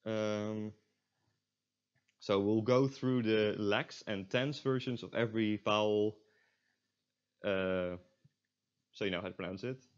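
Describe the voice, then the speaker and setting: A young man teaching a beginner's language lesson, explaining step by step with frequent fillers and self-corrections. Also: lowish voice. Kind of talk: recorded online lesson. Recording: dull lo-fi recording.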